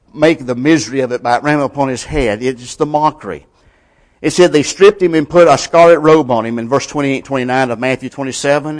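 On the high side in pitch, a man gives a sermon in plain colloquial grammar. He shifts from loud, emphatic passages to quiet, nearly whispered ones.

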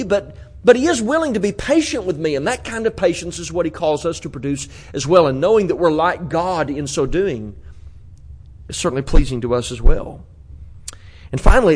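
A man's voice: high voice, husky. A man preaching a conversational sermon in a church, earnest, with frequent restarts and repeated words. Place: church auditorium.

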